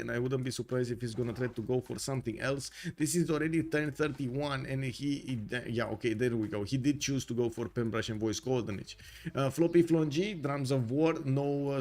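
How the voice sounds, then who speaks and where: A man giving play-by-play commentary on a strategy game match, excitable and full of filler pauses. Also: mid-range voice. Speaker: esports caster.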